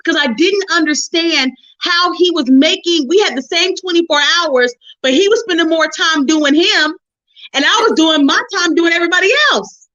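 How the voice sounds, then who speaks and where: Bright-voiced woman preaching her testimony. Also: very high-pitched, normal speed, dull audio. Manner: lively, preachy, calls listeners honey and sis. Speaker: host of a relationship forum. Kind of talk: personal testimony to listeners.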